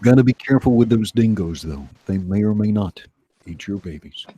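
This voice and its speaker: A man's voice: fairly low pitch, animated, a little fast, mellow, muffled recording, slight background noise. A man hosting a live art stream, joking dryly and reading out viewer messages. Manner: dry joking, reads viewer messages aloud. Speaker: show host. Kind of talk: casual livestream banter.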